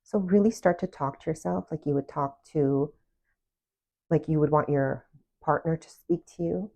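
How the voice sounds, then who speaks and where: A woman with a low voice gives casual self-love coaching straight to the listener. She talks earnestly and keeps putting direct questions to the people she is addressing. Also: normal speed, gravelly, darkish tone. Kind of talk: casual motivational talk to camera.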